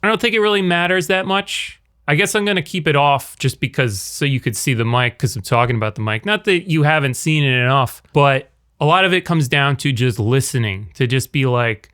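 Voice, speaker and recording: A man casually talking through a microphone review, rambling and correcting himself as he tests how it sounds up close and from further back in a quiet room. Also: a little high, a little fast, clear, resonant tone. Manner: rambling, self-correcting, demonstrates by talking at different distances. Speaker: video creator reviewing a microphone. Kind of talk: casual gear demonstration. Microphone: shotgun mic on camera, near and far.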